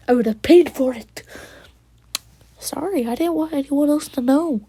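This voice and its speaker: A woman's voice: high-pitched, measured pace, long pauses, warm tone, no room sound. A woman casually retelling a fan story, rambling and quoting characters, often slipping into a whisper.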